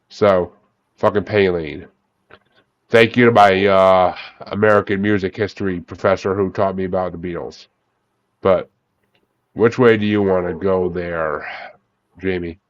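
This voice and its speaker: Low-voiced swearing podcast host, dull audio. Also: male voice, no echo. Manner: swears freely, calls on each guest in turn. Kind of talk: casual bracket chat with guests.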